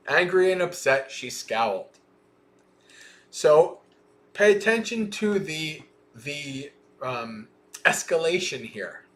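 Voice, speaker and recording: A man reads a Buddhist scripture slowly and stops often to explain it, thinking aloud with fillers. His voice sits a little high for a man and never hurries. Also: lively intonation, fairly bright tone. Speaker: Dhamma teacher. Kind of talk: sutta reading with commentary. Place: livestream.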